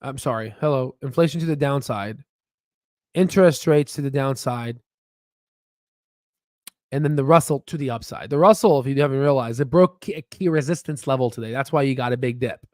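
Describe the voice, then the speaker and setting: A man hosting a casual stock market video, rambling and excitable, with frequent profanity and restarts. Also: medium pitch, fairly quick, dry recording, clean studio sound. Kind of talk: casual market commentary with screen share.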